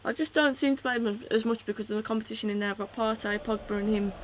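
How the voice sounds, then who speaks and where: Livestreaming a football video game, an excitable woman yells at the match as it unfolds and then chats casually with her viewers, reading their comments. She talks fast in a slightly high voice, with a little hiss or hum in the audio.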